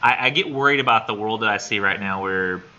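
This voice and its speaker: A fairly low-pitched man with a bright, forward tone leads a relaxed classroom discussion. He rambles a little, repeating words while he works out his thoughts. The recording is dull and lo-fi, with a faint hiss under it. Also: fast talker. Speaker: college literature instructor.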